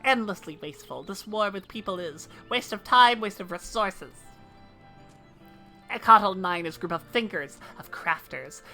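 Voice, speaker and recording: A woman voicing a gruff male bird-man crafter who speaks in inverted, broken word order, reading game dialogue aloud in character. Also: mid-range voice, expressive, normal speed, pushed and bright, soft background music. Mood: earnest.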